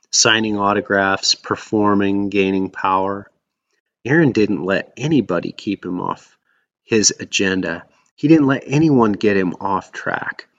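A man narrating a scripted devotional teaching, telling a story dramatically and shouting the characters' lines. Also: lowish voice, lo-fi sound. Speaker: podcast host teaching on faith.

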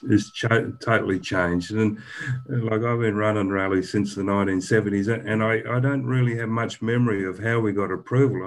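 An older man speaks in a low, even voice with little rise or fall. He talks like a long-time rally organiser in a relaxed interview, circling back and restarting his sentences as he goes. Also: low-quality recording. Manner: rambling, halting, many restarts. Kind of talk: casual interview.

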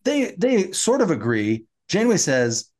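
Male podcast co-host; animated, conversational storyteller who slips into the characters' lines. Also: high-pitched, a little slow. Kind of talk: casual chat, recapping an episode.

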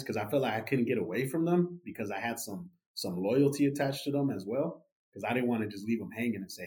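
A young man casually telling a story as a podcast guest, animated and full of fillers like "you know" and "right". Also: medium pitch, quick pace, hardly any pauses. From United States.

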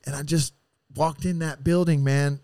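A man telling rough stories as a podcast guest, casual and full of swearing, rambling and acting out what people said. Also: a little high, fairly even intonation, moderate pace, dark tone, no room sound, studio quality. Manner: profane, rambling, acts out quotes. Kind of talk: casual storytelling.

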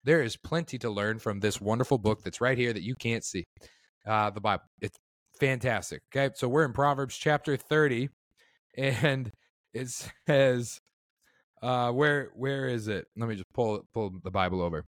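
A man's voice: medium pitch, normal speed, no room sound, studio quality. A man hosting a casual Christian podcast, talking in a chatty, self-deprecating way with rambling asides, his vocal cords strained. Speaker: podcast host. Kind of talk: casual Bible-based podcast talk.

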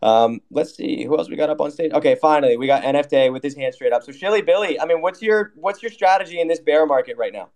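A man hosts an online audio room with brash, joking energy. His voice sits a little on the high side. He swears freely while calling on speakers. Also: quick pace, few pauses, a little mellow. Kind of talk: casual group audio chat.

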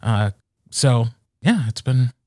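A man co-hosting a podcast, an audiobook narrator talking in a relaxed way, hesitating often with ums. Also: medium pitch, slow, dry recording, studio quality. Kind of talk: casual chat.

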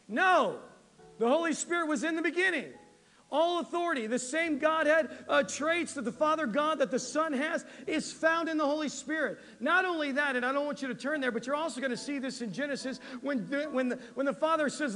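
A man pastor preaching a sermon in an animated, conversational way, often checking in with the congregation. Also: very high-pitched, normal speed, big-room sound, faint music behind. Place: church sanctuary.

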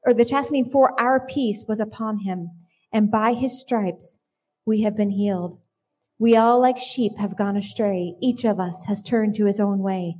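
A woman's voice: on the high side, a little mellow. A woman speaking in church, reading scripture aloud in an earnest, reverent way.

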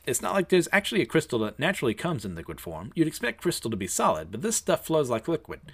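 A man's voice: fairly high pitch, huge pitch swings, fast, a bit bright, breathy edge. A man with a lisp giving a chatty, casual recap of an anime episode, reading out the characters' lines and laughing at himself. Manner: chatty, self-deprecating, laughs between lines.

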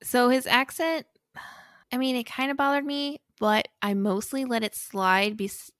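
A woman co-hosting a casual movie chat, easygoing and friendly, who gently teases her partner. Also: fairly high pitch, measured pace, clear, resonant tone, no room sound, clean studio sound. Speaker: podcast co-host.

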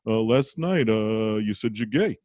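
A man doing his father's voice: a middle-aged detective with a Brooklyn accent, halting and full of uhs. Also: fairly low pitch, lively intonation, darkish tone, no echo, dull audio. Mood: awkward.

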